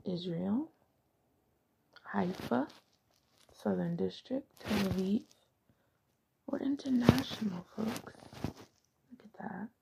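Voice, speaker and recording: A woman hosting a podcast in a casual chat. She talks softly and rambles, often dropping into a half-whisper. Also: medium pitch, creaky, background noise. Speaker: podcast host.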